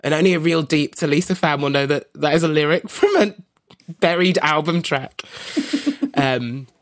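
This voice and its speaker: A man guesting on a podcast as a comedian, chatting casually in a gossipy, excitable and playfully dramatic way. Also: on the high side, normal speed, no room sound.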